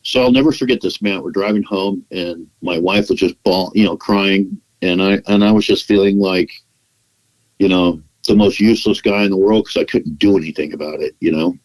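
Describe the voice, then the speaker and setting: A man with a low-pitched voice tells a personal story as a podcast guest. He lets his voice swing as he acts out what others said and restarts his sentences often. It sounds like easy, unscripted conversation. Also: fairly even intonation, moderate pace, darkish tone, low-quality recording. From California, United States. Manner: acts out quoted dialogue in his retelling; frequent restarts and "you know" fillers.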